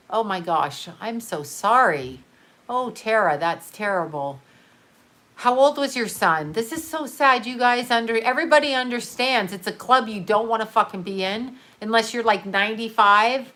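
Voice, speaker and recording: A middle-aged woman hosting a livestream, talking in a halting, emotional way with many fillers and restarts, grieving and swearing casually as she reads viewer comments. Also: mid-range voice, pushed and bright. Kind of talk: unscripted livestream talk.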